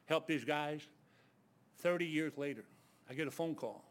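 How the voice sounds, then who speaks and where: A preacher tells stories from the pulpit in a voice a little higher than most men's. He talks in a folksy, animated way, with plenty of fillers and restarts, and he acts out the other characters as he goes. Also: moderate pace. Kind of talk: storytelling sermon.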